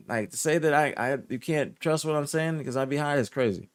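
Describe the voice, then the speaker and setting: A soft-spoken young man chatting casually on a live stream, answering his chat in a laid-back way, dropping to low murmurs and rising to higher protests, often repeating himself. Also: fairly quick, dry recording. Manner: drifts between low murmurs and higher indignant outbursts. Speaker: streamer reporting esports news.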